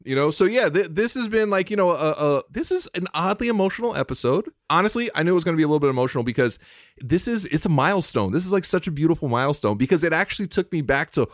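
A man's voice: fairly high pitch, expressive, fast talker, dry recording. A man co-hosting a podcast in casual chat, heartfelt and emotional, rambling and restarting his sentences. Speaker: podcast co-host.

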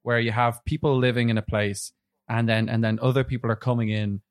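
A man's voice: medium pitch, flat delivery, dry recording. Guy rambling about a movie on a podcast, lots of ums and uhs, dry close sound. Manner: rambling, halting, with frequent fillers and laughs. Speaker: podcast co-host. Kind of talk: casual film review chat.

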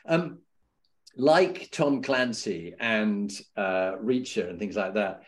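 A man's voice: lowish voice, expressive, takes it slowly. A man hosting an interview series, asking rambling, hesitant questions. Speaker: podcast host. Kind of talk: conversational interview.

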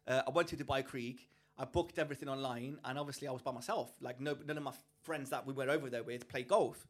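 A man from England co-hosting a podcast, telling a story in a lively, animated way and often restarting his sentences. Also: medium pitch, fast talker. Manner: animated storyteller, acts out quoted people, frequent restarts. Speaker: podcast co-host. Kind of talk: casual chat, storytelling.

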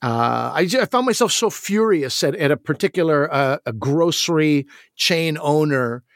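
Rambling animated man, dry sound. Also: a little high, moderate pace, no echo. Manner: rambling, animated, self-interrupting. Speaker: podcast co-host. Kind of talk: casual food chat.

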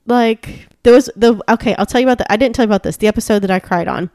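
A woman's voice: a little high, racing, a little mellow, no echo, studio quality. A woman co-hosting a casual chat show, gushing and chatty with lots of fillers and restarts.

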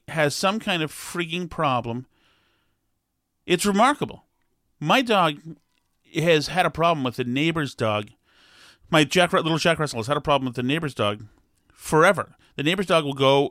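A man's voice: on the high side, a bit bright, no echo, studio quality. Wry rambling man. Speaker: storyteller. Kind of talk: casual monologue.

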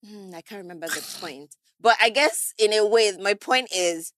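A woman chatting as a podcast guest, telling animated stories and laughing often. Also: medium pitch, normal speed, no room sound. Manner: animated storyteller, acts out quotes, laughs often. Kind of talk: casual podcast chat.

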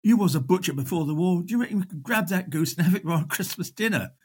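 A man's voice: high voice, animated, fast talker, a little mellow, slightly rough, voice pushed up. An older man putting on the slangy voice of a cheeky young wartime ground crewman. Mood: scheming. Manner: conspiratorial, slangy. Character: cheeky working-class young male airman. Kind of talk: storytelling with put-on voices.

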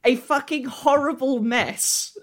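A man's voice: extremely high pitch, slow pace, background noise. A man co-hosting a casual film review podcast, wry and blunt, often laughing. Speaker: podcast co-host.

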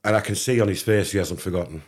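A man's voice: deep voice, fast talker. A middle-aged man from England, a podcast guest, telling a casual anecdote and acting out the dialogue. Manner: animated anecdote teller, acts out dialogue. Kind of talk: casual storytelling.

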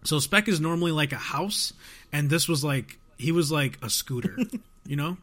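A man's voice: on the high side, animated, normal speed, a bit bright. A young man casually recapping anime episodes, rambling, swearing and acting out lines of dialogue. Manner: rambling storyteller, swears freely, acts out quotes. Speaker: podcast co-host recapping an anime. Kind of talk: casual chat.

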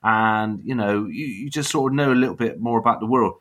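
A man's voice: on the low side, a little fast, a bit bright. A man in his fifties with a Bristolian accent, a blunt, chatty interview guest who laughs and swears easily. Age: 50s. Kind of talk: casual interview chat.

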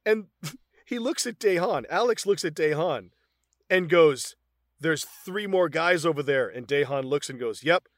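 Lively fifty-something man, dry close sound. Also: on the high side, measured pace, no echo. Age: 50s. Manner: laughs a lot, acts out movie lines. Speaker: podcast co-host. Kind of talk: casual chat.

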